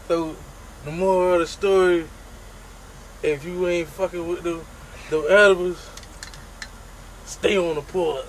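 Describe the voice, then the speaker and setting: A man tells a story from his own life in loose, casual talk, animated and full of swearing. His voice sits a bit high for a man, and he breaks into his own mouth sound effects as he goes. A faint hiss runs under the recording. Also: gravelly, low-quality recording.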